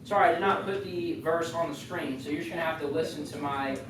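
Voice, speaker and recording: A youth leader gives a loose, joking sermon and keeps wandering into chatty asides. The voice sits at a middling pitch and comes from well back from the mic. It rings in a very echoey room over a faint background hiss. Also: fast talker, distant mic. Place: youth group meeting room.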